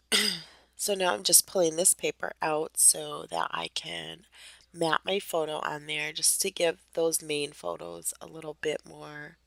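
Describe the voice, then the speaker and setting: A woman's voice: low voice, creaky, a bit bright, no room sound. A young woman casually narrating her craft process over footage, rambling with lots of fillers and small laughs, her voice a bit off from allergies.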